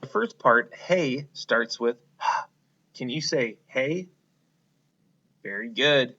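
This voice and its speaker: A man's voice: mid-range voice, lively intonation, very slow, bright, forceful tone, lo-fi sound. A man teaching a phonics lesson to young children, patient and encouraging, asking them to repeat words after him. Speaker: kindergarten teacher.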